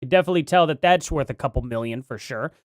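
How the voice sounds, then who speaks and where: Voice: mid-range voice, fast, no room sound, studio quality. A streamer giving live commentary on a debate, rambling and jokey, then getting heated in rants.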